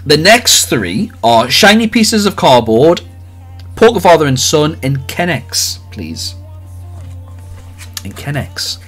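Livestream host, man, higher voice, very animated delivery, faint background music. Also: husky. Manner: excitable, jokey, rapid swings between loud cheers and quiet mutters. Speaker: livestream host opening trading cards. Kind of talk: lively live-stream chat with viewers.

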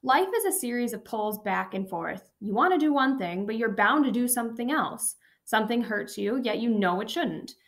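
A woman reading an audiobook and voicing an old, dying male professor who speaks gently and accepts his fate. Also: fairly high pitch, lively intonation. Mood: teaching. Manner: gentle, measured, unhurried. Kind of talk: audiobook narration.

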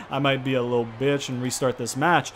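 A man giving excitable, profane let's-play commentary, often repeating himself. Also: medium pitch, normal speed, noisy background. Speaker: gaming video host.

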